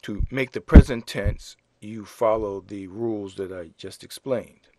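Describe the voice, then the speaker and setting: A man teaching a French lesson in English, explaining grammar slowly and spelling out words letter by letter. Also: fairly low pitch, mellow, dry recording. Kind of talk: slow classroom explanation.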